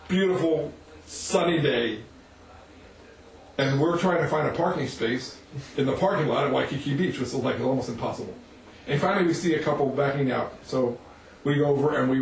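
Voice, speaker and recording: Animated storytelling preacher man, echoey. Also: mid-range voice. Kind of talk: sermon storytelling. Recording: echoey room, mic at a distance.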